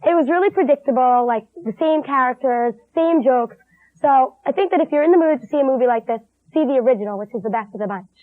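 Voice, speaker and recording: A woman's voice: sits high, fast, no echo. A female co-host chatting casually about a movie she reviewed, giggly and full of "like". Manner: chatty and giggly, says "like" a lot. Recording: tinny lo-fi 1980s TV broadcast.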